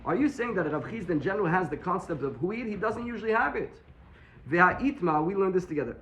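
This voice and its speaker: A man's voice: high voice, expressive, fast talker, echoey room, lo-fi sound. A man teaching a daily Talmud class to students, explaining step by step and answering his own questions. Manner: explains step by step, repeats points and asks rhetorical questions.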